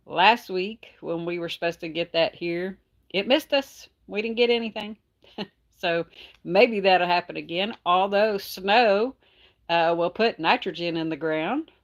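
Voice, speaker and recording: A middle-aged woman, chatting casually on a livestream and reading viewer comments aloud with frequent laughs. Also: lowish voice. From Texas. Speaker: livestream host. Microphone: phone.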